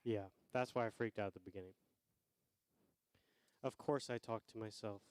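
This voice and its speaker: A man's voice: fairly low pitch, steady tone, moderate pace, clean tone, studio quality. A man co-hosting a church live stream, wry and self-mocking, reading news items with his partner. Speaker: co-host of a church livestream. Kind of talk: playful live-stream banter and mock newscast. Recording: long hall reverb.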